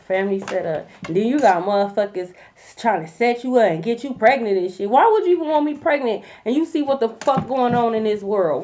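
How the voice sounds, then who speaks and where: High-voiced woman tarot reader, blunt and profane, lots of slang, dull lo-fi recording. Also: a little fast, hardly any pauses, a little hiss or hum. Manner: blunt, profane, animated slang-heavy delivery. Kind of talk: casual tarot reading to camera.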